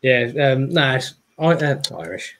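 A man's voice: medium pitch, animated, a little slow, fairly bright tone. A man co-hosting a livestream, chatting casually and laughing a lot as he builds. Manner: laughs a lot, loose and jokey. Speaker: livestream co-host. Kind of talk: casual chat during a toy build.

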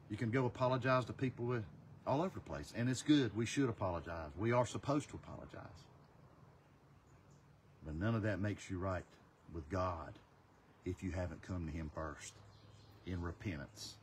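Man, evangelist sermon, lowish voice, passionate, faint birds and outdoor air behind. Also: moderate pace, slight background noise. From North Carolina. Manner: passionate, swings from loud to hushed.

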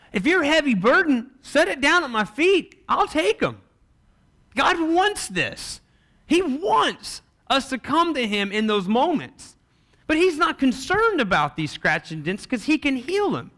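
A young man preaches from the pulpit in a high, bright voice. He tells his stories in an animated way, slipping into the voices of the people he quotes. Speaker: pastor. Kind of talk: sermon.

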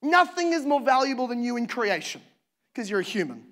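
Male pastor, very high voice, impassioned sermon delivery, hushed to loud. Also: very animated, fairly quick.

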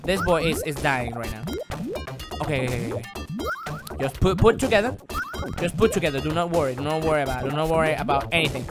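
A man whose first language is Spanish, streaming a game live with excitable, theatrical commentary that jumps from muttering to yelping. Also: a little high, a little fast, pauses often. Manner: excitable and theatrical, swinging between mutters and yelps. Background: game music.

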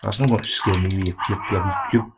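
A man's voice: lowish voice, steady tone, fairly quick, vocal fry. A young Scottish man giving rowdy, sweary commentary while he plays a boxing game. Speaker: gaming channel host. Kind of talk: let's play commentary. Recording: loud game and clicking noise behind.

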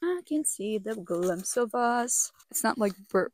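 A woman's voice: fairly high pitch, animated, unhurried, background noise. A young woman who is not a native English speaker, chatting casually to camera outdoors by a campfire, often exclaiming and repeating words. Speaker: vlogger. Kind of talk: casual vlog talk to camera.

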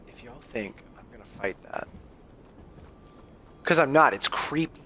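A man's voice: mid-range voice, measured pace, slightly rough. A young man, chatting casually to viewers while playing a game. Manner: chatty, excitable, talks to viewers as y'all. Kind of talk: casual gameplay commentary.

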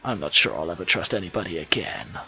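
Brief: man reading a weary, suspicious stranded officer for an audiobook, low and guarded, bright-edged voice on slightly dull audio. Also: big pitch swings, quick pace, vocal fry, a little hiss or hum, heavily acted.

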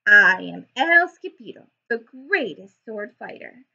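An excitable little boy cat who brags that he is the greatest sword fighter, put on by a woman reading a storybook. The voice is high and slightly husky, and the recording sounds a bit dull and lo-fi. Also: slow, exaggerated voice. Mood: boastful. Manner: excitable, exclaiming.

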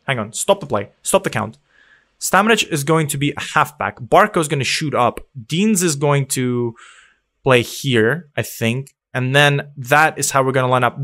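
A man giving excitable, panicky live commentary on his own football management game, shouting at the match as it plays out. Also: fairly high pitch. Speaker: gaming video creator.

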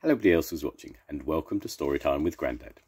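An older man, a grandfather, reading a children's story aloud in a playful, animated way. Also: a bass voice, rapid-fire, husky.

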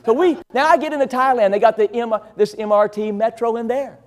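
A middle-aged man raised on an Illinois farm delivers a storytelling sermon. His voice sits high for a man, and he rambles through the anecdote with folksy, self-deprecating humor. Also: fairly quick. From rural Illinois, USA. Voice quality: deaf in one ear. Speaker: pastor.

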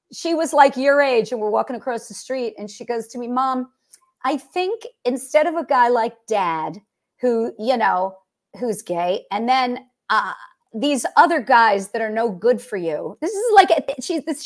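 A woman's voice: fairly high pitch, animated, normal speed. A middle-aged woman, a guest comedian, telling rambling stories on a casual podcast and acting out the quotes of the people in them. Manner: rambling storyteller who acts out quotes.

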